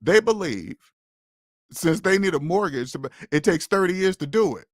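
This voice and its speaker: A man's voice: on the high side, sing-song, moderate pace, no echo, studio quality. A man hosting a finance channel, talking to viewers in a casual, emphatic monologue full of rhetorical questions and repeated "okay?".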